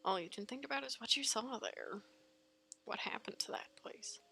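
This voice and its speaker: A woman streamer reads a visual novel aloud, expressive and quick to giggle. Her voice is high and animated with a gravelly rasp. Faint game music plays underneath. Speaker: let's play streamer.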